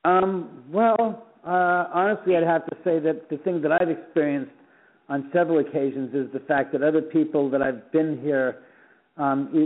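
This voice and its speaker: A middle-aged man from Los Angeles, a radio guest telling animated stories and acting out the dialogue, often repeating words as he goes. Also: mid-range voice. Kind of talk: phone interview, storytelling. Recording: tinny phone line.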